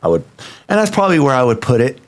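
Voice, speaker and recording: A husband co-hosts a casual couple's podcast with his wife, speaking very fast in a mid-range voice with huge pitch swings. His tone is emphatic yet easygoing.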